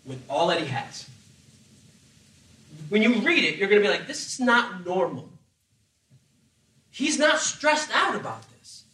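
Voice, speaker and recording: Animated preacher in an echoey room. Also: male voice, high-pitched, recorded from a distance. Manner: animated, acts out voices with humor. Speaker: pastor. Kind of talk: sermon.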